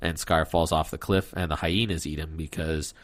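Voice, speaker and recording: A man's voice: a bass voice, fairly even intonation, normal speed. A man hosting a podcast, giving a rambling, joking recap of a movie plot in casual chat. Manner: jokey, rambling plot recap with silly voices. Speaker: podcast host.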